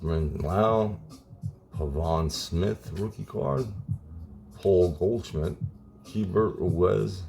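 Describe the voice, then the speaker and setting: A man in his forties casually chatting while opening card packs on his channel, relaxed and saying "man" a lot. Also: low voice, very slow, vocal fry, pauses often, soft background music. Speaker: card collecting YouTuber. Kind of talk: casual pack-opening vlog.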